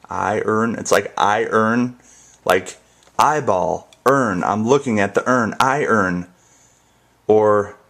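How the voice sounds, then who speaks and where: A young man from the northern United States, rambling casually and jokingly through a dialect tag and spelling words out. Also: low voice. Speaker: YouTube creator.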